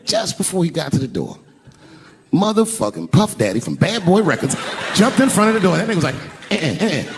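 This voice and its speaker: An older man tells a wild stand-up story into a handheld mic on a big arena stage, slipping into other people's voices as he goes. His pitch sits a little high and leaps around with energy. The live recording carries clear crowd noise behind him. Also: brisk. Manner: profane, animated, acts out voices in the story. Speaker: stand-up comedian. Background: audience laughter.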